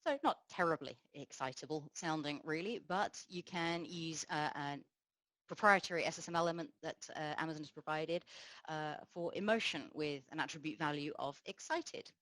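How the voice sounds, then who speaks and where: A woman giving a technical conference talk, explaining in a measured way with frequent pauses and fillers. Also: low-pitched, a bit bright, no room sound, rough recording. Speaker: conference speaker.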